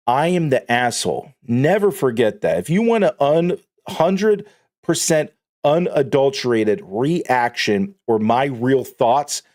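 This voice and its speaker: Profane rambling male streamer. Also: on the high side. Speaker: live streamer. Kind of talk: casual live-stream chat.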